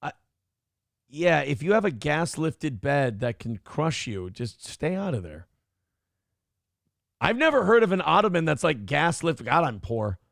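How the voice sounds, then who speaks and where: Profane, animated man with a gravelly voice. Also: on the high side, unhurried, long pauses, no room sound, clean studio sound. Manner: profane, joking, animated riffing. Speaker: morning show co-host. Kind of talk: casual comedic banter.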